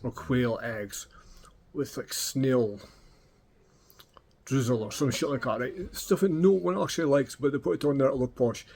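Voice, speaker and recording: A man's voice: medium pitch, moderate pace, gravelly, darkish tone. A middle-aged Scottish man telling casual, swearing anecdotes and acting out the dialogue. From Scotland. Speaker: vlogger. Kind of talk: casual storytelling.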